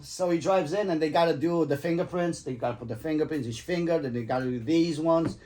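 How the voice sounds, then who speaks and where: A man's voice: on the high side, quick pace. A man casually telling a funny story, swearing freely, acting out what people said and breaking into laughter. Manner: animated, swears freely, acts out quotes with laughs.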